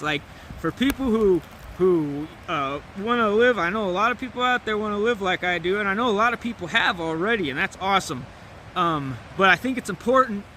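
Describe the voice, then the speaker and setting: Young man, outdoor vlog, relaxed ramble, high and very bright voice, faint traffic behind. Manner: relaxed, rambling, laughs, filler words. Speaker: vlogger. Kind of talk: casual storytelling and musing.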